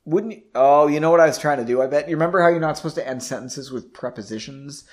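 A man's voice: on the high side, fast. A young man reading his own story aloud, breaking off for joking, self-mocking asides. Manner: self-mocking, chatty, laughs at himself.

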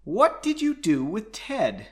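A man's voice: high voice, wildly swooping pitch, slow, a bit bright, voice pushed up, heavily acted. A man voicing a blunt, puzzled young man who speaks matter-of-factly.

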